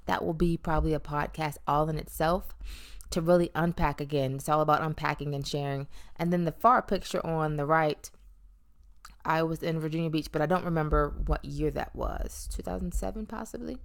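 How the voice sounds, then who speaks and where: A woman's voice: sits low, steady tone, moderate pace, creaky. A woman in her thirties telling her own story in a candid, reflective way, with playful emphasis and frequent ums. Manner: reflective and conversational, with playful emphasis and many um fillers. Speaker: vlogger sharing her weight-loss story. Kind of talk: candid personal monologue.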